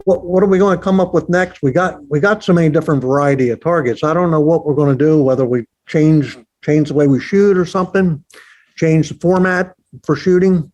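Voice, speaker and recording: A man's voice: fairly high pitch, fairly quick, a little mellow. A man, a target setter, chatting casually and thinking aloud, often repeating words. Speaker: target setter, podcast guest. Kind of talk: casual conversation.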